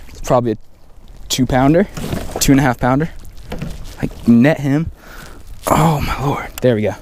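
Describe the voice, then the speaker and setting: A man, talking casually while fishing a windy pond bank, getting excited and repeating himself when a fish bites. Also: medium pitch. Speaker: fishing vlogger. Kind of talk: casual outdoor vlog commentary. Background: faint wind and outdoor ambience.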